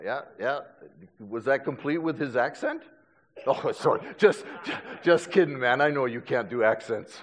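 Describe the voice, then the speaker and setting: A man's voice: mid-range voice, moderate pace, long reverb tail. A middle-aged man preaching a sermon, telling stories with self-deprecating humor and frequent stammered restarts. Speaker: pastor.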